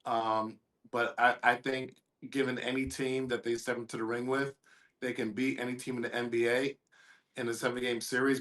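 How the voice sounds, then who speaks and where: A man on a casual sports talk show, laid-back and even-toned as he gives his final thoughts. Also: mid-range voice. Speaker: podcast panelist.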